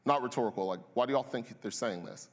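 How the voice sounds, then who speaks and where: A man preaches in a mid-range voice, talking with the congregation more than at them and pausing for their answers. His words ring out with a long reverb that fills the large church auditorium. The sermon feels conversational and direct. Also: mid-range voice. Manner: conversational, asks the congregation questions and waits for replies. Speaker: pastor.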